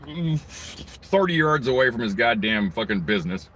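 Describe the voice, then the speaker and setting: A man's voice: mid-range voice, very animated, unhurried, fairly bright tone, slight background noise. A man ranting angrily in a crude, rambling monologue, swearing constantly. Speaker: vlogger.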